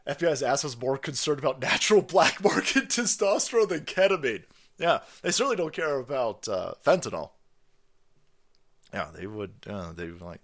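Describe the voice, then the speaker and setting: A man ranting on a live stream, loud, profane and mocking, slipping into sarcastic voices. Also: mid-range voice, big pitch swings, normal speed.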